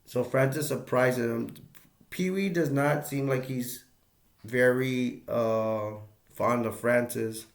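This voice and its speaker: A man's voice: medium pitch, steady tone, takes it slowly, echoey room. A man reviewing a movie in a casual, rambling way, with many fillers and restarts as he retells scenes.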